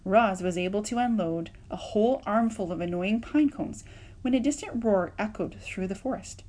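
Woman, storybook read-aloud, expressive narration, mid-pitched voice. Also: moderate pace. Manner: expressive, lively narration with voiced sound effects. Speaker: audiobook reader.

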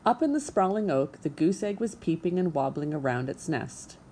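A woman narrating a children's storybook in an expressive, measured way. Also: sits low, slight background noise. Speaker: audiobook narrator.

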